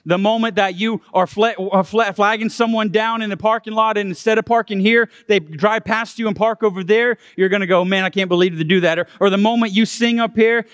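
A man with a high voice gives a sermon as a guest pastor. He speaks in an earnest, heartfelt and conversational way. His voice rings out with a long reverb, like a large church. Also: fairly even intonation, a little fast, hardly any pauses, fairly bright tone, clean tone. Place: church stage.

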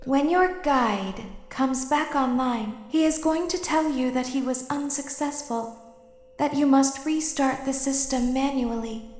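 A woman voicing a calm female robot girl who gives eerie, measured advice in a video game. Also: sits high. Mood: instructive. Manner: calm, measured, coolly curious. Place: game soundtrack heard through a let's play. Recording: echoey hall reverb on game audio.

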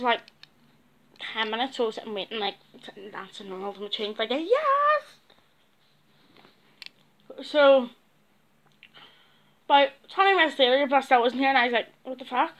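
A young woman tells a story to her vlog viewers in a high, bright voice. She talks bluntly and swears a lot. She often sinks into low, muttered asides. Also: a little hiss or hum. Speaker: vlogger. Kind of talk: casual storytelling.

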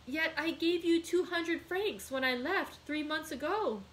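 A woman reading aloud, voicing an earnest, devoted young male sailor with lively emphasis. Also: fairly high pitch, moderate pace, a little hiss or hum, natural voice, rough recording. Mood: anxious.

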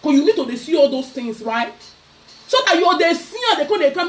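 A Nigerian woman vlogger ranting loudly to camera in a mocking, scolding way. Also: high-pitched, very animated, normal speed. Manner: loud, mocking, switching into Pidgin. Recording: voice a bit far from the mic.

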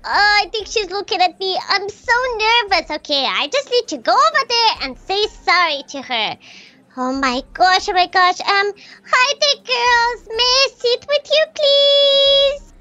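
A woman's voice: extremely high pitch, lively intonation, measured pace, sharp tone, no room sound, dull audio, exaggerated voice. A woman voicing a timid little princess girl who whimpers and sobs through a Minecraft role-play. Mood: nervous. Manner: babyish, whimpering, sobbing often.

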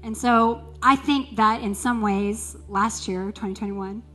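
A woman speaking in a mid-range voice, tearful and emotional as she opens up about a personal struggle. Soft music plays faintly behind her throughout. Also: medium pitch, fairly even intonation, measured pace. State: crying. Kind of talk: sermon testimony.

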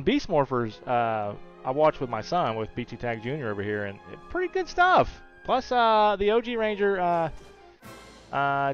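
A man's voice: medium pitch, dull audio. A man hosting a casual gaming livestream, reading viewer comments aloud and bantering with his regulars by name. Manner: chatty, reads viewer comments aloud and answers them warmly by name. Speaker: livestream host. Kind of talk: casual live-stream chat while gaming.

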